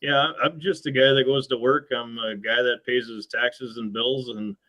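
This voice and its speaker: A man's voice: medium pitch, steady tone, normal speed, sharp tone, poor audio. A middle-aged American man, a machine shop owner, talking earnestly and hesitantly as an interview guest. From USA. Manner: earnest, hesitant with frequent restarts. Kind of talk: casual interview chat.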